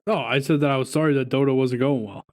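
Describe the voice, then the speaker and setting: A male podcast co-host in a casual chat, telling stories with loose, profane humor. He laughs often as he talks, and his pitch sits in a middle range for a man. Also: fast talker.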